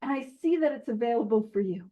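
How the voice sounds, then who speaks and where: High-voiced, lively woman speaker. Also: fast talker, low-quality recording. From Canada. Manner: lively, jokey, goes off on tangents. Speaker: guest speaker at a recovery study meeting. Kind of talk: casual recovery talk.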